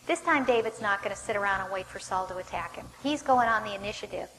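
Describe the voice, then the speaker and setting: A woman teaching a Bible study, telling the story in an animated way and asking her listeners rhetorical questions. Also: medium pitch, quick pace. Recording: long hall reverb, faint background noise.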